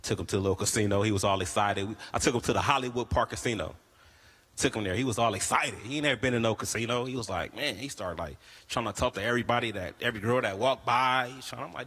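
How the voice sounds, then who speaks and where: Bright-voiced man doing animated stand-up. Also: fast, breathy edge, in a large hall. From Bay Area, California. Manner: animated storytelling, acts out friends' voices in a higher pitch. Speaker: stand-up comedian. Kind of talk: stand-up comedy set.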